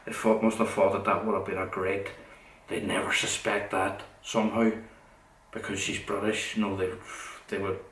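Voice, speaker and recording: A man with a low voice tells a story in a rambling, profane way and keeps restarting his lines. He sounds set back from the mic. The room echoes around him. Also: level tone, normal speed, a bit bright, far from the mic, a little hiss or hum. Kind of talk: casual storytelling.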